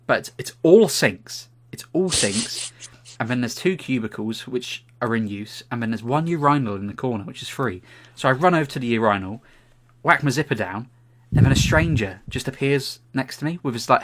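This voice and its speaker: A man's voice: mid-range voice, fairly quick, a bit bright. A young British man, co-host of a podcast, telling a funny anecdote in casual chat and swearing freely.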